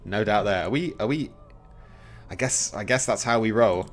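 A man's voice: fairly low pitch, normal speed. A male streamer chatting casually while gaming and laughing often.

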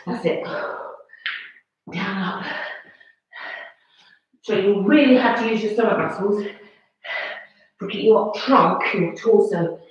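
A woman fitness instructor coaching a workout class with brisk, encouraging commands and counts. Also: medium pitch, slight background noise. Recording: very echoey, distant, dull-sounding room recording.

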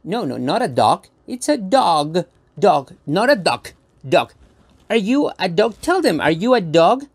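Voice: mid-range voice, big pitch swings, a little slow, slightly rough, dry recording. A children's performer telling a playful story straight to a young audience, teasing them and building suspense. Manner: teasing, makes a show of suspense; talks directly to an unseen audience.

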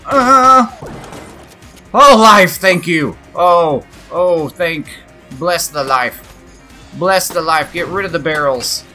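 A man giving excitable let's play commentary, yelping, swearing and cheering at the game as he plays. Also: on the high side, slow pace, faint music behind. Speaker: gaming channel host.

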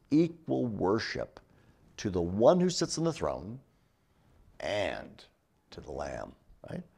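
A middle-aged man giving a classroom theology lecture, teaching with emphasis and often checking in with "right?". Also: lowish voice. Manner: animated teaching with frequent "right?" tags.

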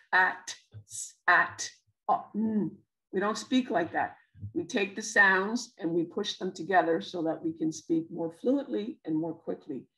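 Canadian woman, educator presenting a webinar, mid-range pitch, patient explanations full of fillers. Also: rough recording. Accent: Canadian English. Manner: explanatory, many fillers and restarts.

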